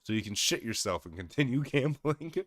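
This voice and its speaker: A man's voice: mid-range voice, animated, brisk, no room sound, studio quality. A man streaming casual reaction commentary, laughing and exclaiming in disbelief.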